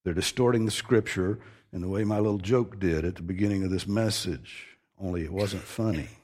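Husky-voiced man preaching emphatically. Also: deep voice, brisk, darkish tone. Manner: emphatic, earnest teaching with repeated stressed phrases. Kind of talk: expository sermon.

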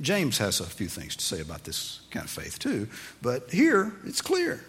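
A man's voice: mid-range voice, moderate pace, in a large hall. A man preaching a sermon as pastor, teaching and asking his listeners emphatic questions. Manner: animated, rising to emphatic questions.

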